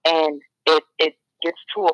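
A woman's voice: sits low, fairly even intonation, a little slow, no echo. A woman co-hosting a casual podcast chat, restarting sentences often and agreeing animatedly. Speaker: podcast co-host. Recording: dull lo-fi dry sound.

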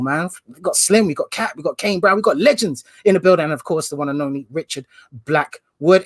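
Upbeat slangy podcast host. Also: male voice, a little high, no room sound, studio quality. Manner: energetic, slangy, joking. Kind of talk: casual podcast chat.

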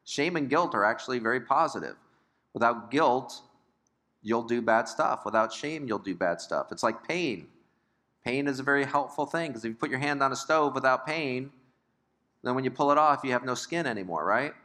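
Brief: older male Bible teacher, chatty and questioning, crisp bright tone. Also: mid-range voice, animated, moderate pace. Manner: conversational, asks the class questions, joking asides.

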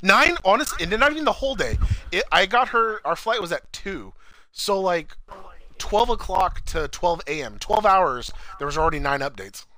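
A man's voice: normal speed, no room sound, poor audio. A young man from California telling a story in casual chat, swearing often and acting out other people's lines. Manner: animated, acts out quotes in a high voice, swears often.

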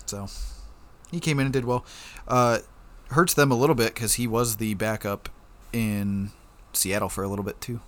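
A man's voice: on the low side, steady tone, normal speed, long pauses. A young man co-hosting a casual fantasy football podcast, chuckling often as he reads out stats. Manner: laid-back, chuckling, reads stats aloud. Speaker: podcast co-host.

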